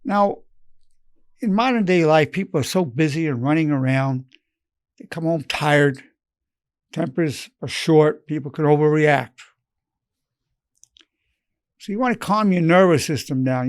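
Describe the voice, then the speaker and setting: A man in his eighties, a psychologist, giving an earnest, measured lesson and softly acting out loving phrases. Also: on the high side, no echo, studio quality. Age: 80s. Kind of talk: unscripted advice talk.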